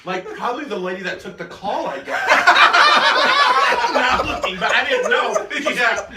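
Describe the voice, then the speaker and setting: A man's voice: extremely high pitch, wildly swooping pitch, a little slow. A man co-hosting a podcast, telling a long story casually and laughing often. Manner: laughing often while telling a story, doing quoted voices. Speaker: podcast co-host. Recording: roomy, distant mic with loud noise.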